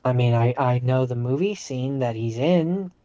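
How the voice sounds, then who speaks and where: A man's voice: mid-range voice, moderate pace, dark tone. Dry teasing man, dull lo-fi sound. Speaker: podcast co-host. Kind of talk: casual chat.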